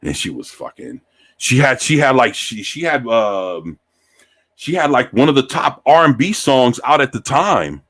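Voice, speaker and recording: A man's voice: medium pitch, very animated, a little slow, a bit bright. Laid-back, profane man in his forties. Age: 40s. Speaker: show host. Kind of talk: casual storytelling.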